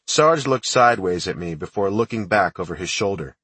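A man's voice: lowish voice, moderate pace, few pauses, fairly bright tone, slightly rough, dry recording, distant mic. A man reading first-person audiobook narration in a plain, matter-of-fact storytelling manner.

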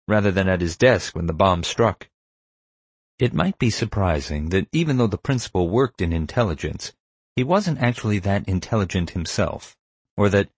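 A man's voice: low-pitched, slightly rough, no echo. A man reading a first-person story aloud as an audiobook narrator, with dry, wry delivery.

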